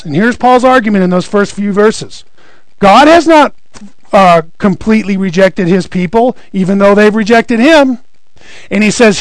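A man's voice: high-pitched, no echo, rough recording. A man preaching a sermon in a conversational teaching way, often restarting and repeating words and checking in with his listeners. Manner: conversational, stumbles and repeats words, asks "right?". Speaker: pastor.

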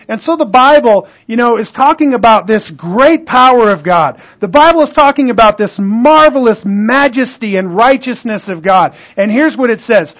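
Man, pastor, sermon, high-pitched, emphatic, call-and-response, hushed emphasis. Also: expressive, moderate pace, few pauses.

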